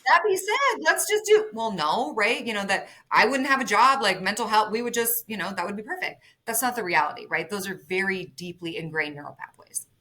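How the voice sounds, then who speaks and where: A woman with a bright, forward voice talks as an interview guest, explaining technical ideas through everyday analogies. She keeps checking in with the listener and slips into quoted voices as she goes. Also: mid-range voice, a little fast, hardly any pauses. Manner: animated, explains with everyday analogies, says "right?" often. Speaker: neurofeedback clinic executive, guest. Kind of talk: conversational interview.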